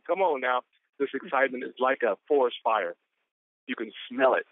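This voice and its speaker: A man presenting on a motivational conference call, excitable and whooping between quotes. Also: mid-range voice, moderate pace, creaky, dry recording. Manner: excitable, hollers woo. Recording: tinny phone line.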